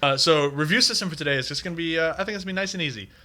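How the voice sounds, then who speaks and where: A man's voice: a little high, very fast, sharp tone, slight background noise. A man co-hosting a podcast about films, chatting casually and enthusiastically, rambling and swearing now and then. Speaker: podcast co-host. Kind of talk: casual movie podcast chat.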